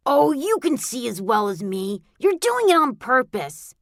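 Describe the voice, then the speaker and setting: A woman's voice: sits high, normal speed, gravelly, a bit bright, no room sound, clean studio sound, voice pushed up. A woman reading an audiobook, voicing a mischievous boy twin who taunts and schemes. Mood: taunting.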